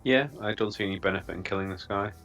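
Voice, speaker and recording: A man's voice: fairly low pitch, racing, a bit bright, soft background music. A man playing a tabletop game, chatting casually in a joking, playful way. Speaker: player.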